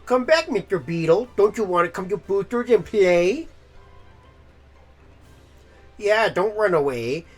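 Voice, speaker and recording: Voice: mid-range voice, animated, normal speed, soft background music, close to an everyday voice. A game streamer voicing pushy, childish little creature henchmen in a whiny, pleading way.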